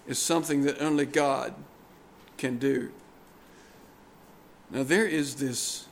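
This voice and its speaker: A man delivers a sermon at an unhurried, measured pace, letting each phrase land. His voice sits a little higher than most men's. He speaks earnestly and leans on the words he wants remembered. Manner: slow, deliberate and earnest, pressing key words. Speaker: preacher.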